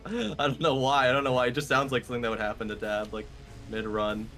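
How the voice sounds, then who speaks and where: A man's voice: medium pitch, completely flat delivery, brisk, bright, forceful tone, faint music behind. A young man speedrunning alongside a friend, chatting in an easygoing, teasing way. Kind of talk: casual chat while gaming.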